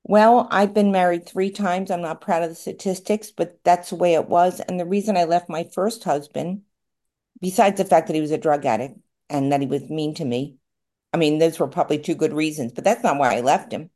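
A woman's voice: lowish voice, brisk, mellow. Candid rambling woman sharing her story. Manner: candid, rambling, self-deprecating. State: tearful at times. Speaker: recovery meeting speaker. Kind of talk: personal share at a support meeting.

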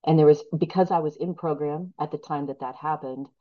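A woman's voice: low-pitched, fairly quick. A middle-aged woman giving a personal recovery share at a meeting, candid and rambling, self-deprecating and full of fillers. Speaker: speaker sharing at a recovery meeting. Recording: dull lo-fi recording.

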